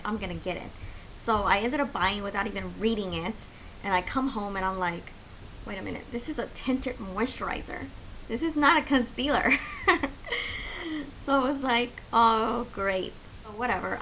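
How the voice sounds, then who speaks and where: A woman's voice: medium pitch, creaky, a bit bright, rough recording. Chatty young woman vlogger with faint hiss. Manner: chatty, many fillers, heartfelt and encouraging. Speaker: beauty vlogger. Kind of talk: casual chat to camera.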